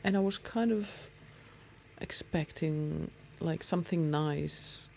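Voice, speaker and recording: A chatty woman vlogs from her motorbike, her voice low-toned, mellow and a touch gravelly. She rambles along with plenty of ums, talking casually to her viewers. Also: slow, a little hiss or hum. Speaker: motorcycle vlogger. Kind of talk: casual talk to camera while riding.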